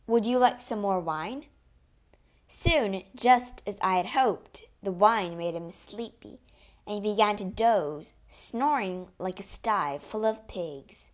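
Slow, expressive woman storyteller. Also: medium pitch. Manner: expressive, measured. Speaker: narrator. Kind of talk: storybook narration in first person.

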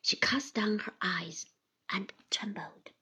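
A woman narrating a classic novel aloud in a measured, gentle manner. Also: mid-range voice, breathy edge. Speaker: audiobook narrator.

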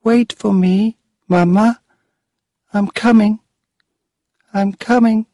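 A man's voice: steady tone, slow pace, mellow, dry recording, clean studio sound. A man voicing a pleading little ghost girl. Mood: longing. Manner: high, pleading, childlike. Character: ghost of a sad little girl longing for her mother.

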